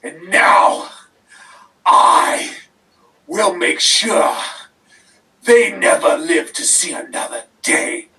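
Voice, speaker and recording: A man cutting a theatrical wrestling promo as a guest, menacing, swinging between shouts and whispers. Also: high-pitched, drawn-out words, long pauses, distant mic, poor audio.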